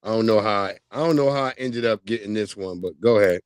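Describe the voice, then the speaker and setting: A man hosting a livestream, giving loud, profane, mocking reactions in casual commentary. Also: fairly low pitch, fast, smooth, no room sound, studio quality. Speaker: livestream host.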